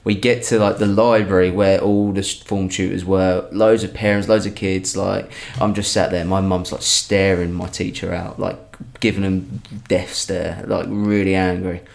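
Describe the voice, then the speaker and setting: Low-voiced man telling a rambling story. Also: level tone, moderate pace, creaky, few pauses. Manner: rambling, self-correcting anecdote telling. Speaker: comedian guest. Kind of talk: casual storytelling.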